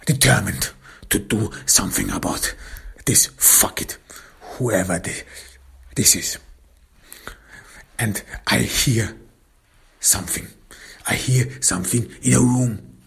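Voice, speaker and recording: Slow, husky, whispering male storyteller. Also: on the low side, sharp tone. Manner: intense, often whispered, with many restarts. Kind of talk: dramatic first-person crime narration.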